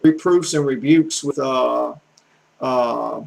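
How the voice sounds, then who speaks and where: A middle-aged man with a Southern American accent, from the southern U.S., tutors a language in a rambling, homespun way, with lots of fillers and restarts. His medium-pitched voice is slow, creaky, and a little mellow, heard on a low-quality recording.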